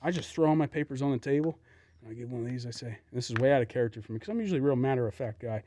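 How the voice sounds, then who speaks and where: A man's voice: medium pitch, lively intonation, racing, dark tone, a little hiss or hum. A man telling a story on a casual podcast, swearing freely and acting out the people he quotes. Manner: profane storytelling, acts out quotes. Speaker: podcast co-host and lawyer.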